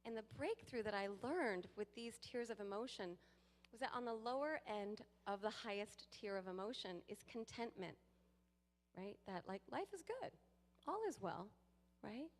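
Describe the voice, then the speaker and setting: A woman giving a sermon to a congregation, lively and playful, with laughing asides to the people in the pews. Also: medium pitch, moderate pace. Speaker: guest speaker. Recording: long hall reverb.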